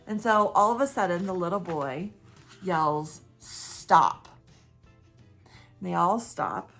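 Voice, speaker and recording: A woman pastor with a bright, clear tone speaks in a warm conversational sermon style. She asks her listeners direct questions and retells a story with lively energy. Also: mid-range voice, brisk, faint music behind.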